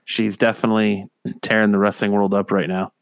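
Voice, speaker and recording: A man hosting a casual podcast chat, talking in a relaxed, easygoing way. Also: fairly low pitch, brisk, vocal fry, no echo.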